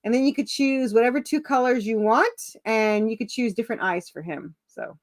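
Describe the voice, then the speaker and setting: In a clean, dry studio recording, an indie comic creator talks at a moderate pace in a fairly high voice. Chatting casually as a video-call guest, she rambles through lots of fillers and restarts and mocks herself with laughter.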